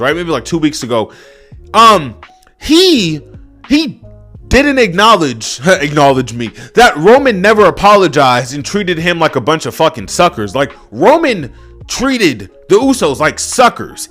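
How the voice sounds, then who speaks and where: A man's voice: high voice, big pitch swings, normal speed, fairly bright tone, faint music behind. A young man ranting unscripted as a wrestling reviewer, exasperated and profane, full of fillers. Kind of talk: unscripted rant.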